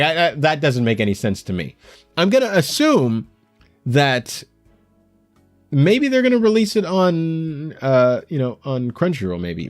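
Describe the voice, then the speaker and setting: A man's voice: medium pitch, no room sound. Young man, anime news host, rambling, stammering restarts, dry close sound, faint music underneath. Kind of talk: casual solo commentary. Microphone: headphones while recording at home.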